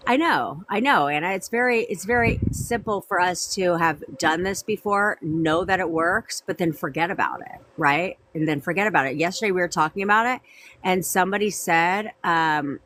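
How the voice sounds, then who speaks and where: A woman's voice: fairly low pitch, a bit bright, a little hiss or hum. Chatty woman hosting a live stream. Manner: chatty, answers viewers by name, repeats phrases, swears casually. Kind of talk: casual live-stream chat.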